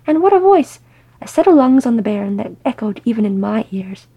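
A boisterous, tipsy old dwarf man who roars and gushes with fondness, as a woman reader puts him on. The voice is gravelly and husky, dark in tone. It suits a storybook read aloud. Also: a little high, a little fast, no room sound. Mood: effusive.

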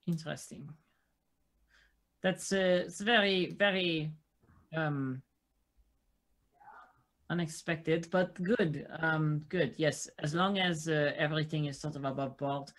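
A man's voice: a little high, fairly even intonation, a bit bright. Formal, hesitant male tabletop player. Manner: formal, measured questioning, many "uh"s. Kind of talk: in-character role-play, tabletop game.

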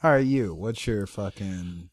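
A man's voice: fairly low pitch, unhurried, dry recording. A young man hosting a casual chat, talking loosely and slangily with lots of "like". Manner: loose, slangy, heavy use of "like". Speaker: host.

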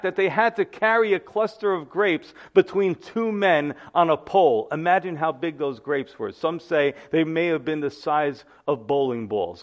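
A man's voice: a little high, highs cut off. A man preaching a sermon as pastor, emphatic and repeating key phrases, calling his listeners guys.

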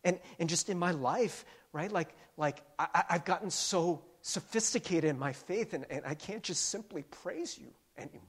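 A man's voice: fairly high pitch, moderate pace, hardly any pauses, slightly rough. A man preaching a sermon in a church, earnest and conversational, with many restarts and fillers. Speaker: pastor. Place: church sanctuary.

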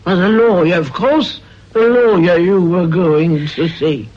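A spiteful, scheming old crone. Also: female voice, fairly low pitch, measured pace. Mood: harsh, accusing. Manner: bitter, muttering threats. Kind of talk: radio drama acting. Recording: dull lo-fi old radio recording.

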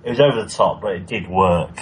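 A man with a fairly low voice argues his points dryly as he co-hosts a casual chat show. He talks in a plain, matter-of-fact way, with clear background noise on the recording. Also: a little fast, rough recording. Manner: dry, argumentative, matter-of-fact. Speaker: podcast co-host.

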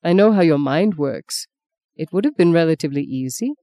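Brief: woman reading a devoted male lover, low and warm, tender, playful, earnest, audiobook. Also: lively intonation, a little fast. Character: man in his thirties, ardent, teasing suitor.

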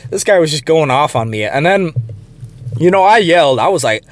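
A man's voice: on the high side, expressive, brisk, dry recording. A young man telling a long workplace story in a blunt, profane, rambling way. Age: young adult. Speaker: channel host. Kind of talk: casual storytelling rant.

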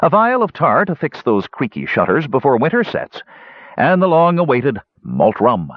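A man voicing a brisk male village shopkeeper who reels off an order with satisfaction. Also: medium pitch, huge pitch swings, husky, no room sound, pitched above the performer's own voice. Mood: satisfied. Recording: dull, dry close recording.

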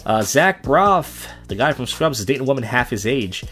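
A man's voice: medium pitch, sing-song, moderate pace, fairly bright tone. Young man, solo podcast host, rambling, swearing, bitter venting, faint background music. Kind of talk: casual solo podcast rant.

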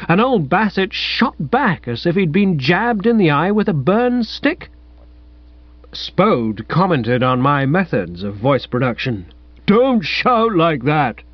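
A man's voice: a little high, sing-song, a little slow, no echo. A man narrating a comic story in the first person with an airy, wry manner. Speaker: audiobook narrator. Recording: dull, dry, lo-fi sound.

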